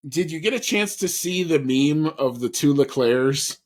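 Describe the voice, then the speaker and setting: A man's voice: on the high side, lively intonation, measured pace, darkish tone. A man co-hosting a podcast in casual chat, rambling with lots of fillers and restarts. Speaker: podcast co-host.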